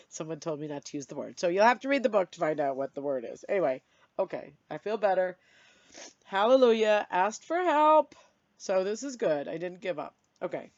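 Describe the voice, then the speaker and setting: A middle-aged woman vents to her camera, tearful and self-deprecating, her voice jumping high when frustration breaks through. The sound is dry and somewhat dull, like a lo-fi home recording. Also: darkish tone, no room sound. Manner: emotional, venting, self-deprecating with sudden high outbursts. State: tearful, blowing her nose. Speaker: vlogger. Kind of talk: candid personal vlog.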